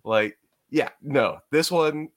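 A man's voice: fairly high pitch, slow pace. A man co-hosting a podcast, chatting casually, swearing freely and laughing as he talks. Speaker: podcast co-host. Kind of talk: casual chat.

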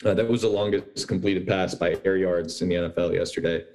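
Deep-voiced male sports writer, podcast guest, relaxed and full of fillers. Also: brisk. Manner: relaxed, filler-heavy explaining. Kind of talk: casual sports talk.

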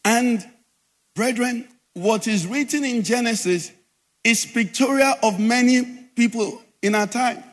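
A man's voice: very high-pitched, measured pace, long reverb tail. A man preaching a sermon as pastor, asking the congregation questions as he teaches.

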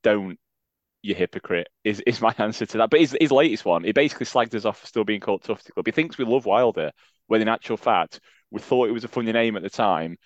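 A man's voice: fairly low pitch, lively intonation, quick pace, no room sound. A man co-hosting a podcast, chatting casually with dry, self-mocking humour. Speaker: podcast co-host. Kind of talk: casual chat. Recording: slightly dull, lo-fi sound.

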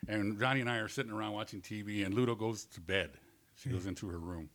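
A man, a comedian and guest on a talk show, telling a story in a loose, animated way, laughing as he acts out what people said. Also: fairly low pitch, fast talker. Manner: animated anecdote with laughter and acted-out quotes. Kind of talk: casual storytelling.

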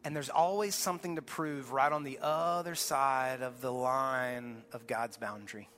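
Bright-voiced man preaching in a hall. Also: fairly even intonation, measured pace, faint music behind. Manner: emphatic, rising to urgent peaks then dropping low. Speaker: pastor. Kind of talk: sermon. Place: large church auditorium.

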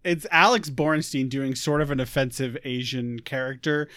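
A man's voice: medium pitch, normal speed, no room sound, clean studio sound. A man co-hosting a tabletop gaming podcast, bantering playfully and laughing a lot. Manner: playful, laughs often, animated. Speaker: podcast co-host.

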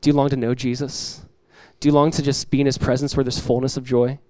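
Preaching to his church in its sanctuary, a middle-aged pastor speaks fast, earnest and direct, repeating key lines and acting out everyday voices with lively emphasis. His pitch is medium, and the recording is dry and poor.

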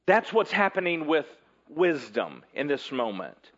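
Lively high-voiced man preaching slowly. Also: muffled recording. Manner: earnest preaching, drops low and quiet at ends of phrases. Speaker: pastor. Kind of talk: sermon.

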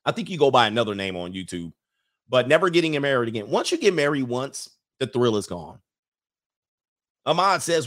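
A man's voice: medium pitch, very animated, a little fast, a bit bright. Male stream host, SoCal guy, loose and jokey, riffing on viewer comments. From Southern California. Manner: loose, jokey, talks back to chat messages. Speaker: livestream host reading chat. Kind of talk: casual chat.

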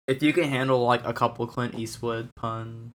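A man co-hosting a casual movie podcast, joking in a quick-fire way. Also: medium pitch, steady tone, fairly bright tone, slight background noise. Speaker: podcast co-host.

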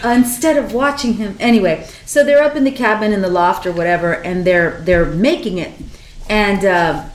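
A woman's voice: medium pitch, moderate pace, reverberant, low-quality recording. A woman in casual chat, retelling a film's plot and acting out lines in put-on voices. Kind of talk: casual movie recap chat.

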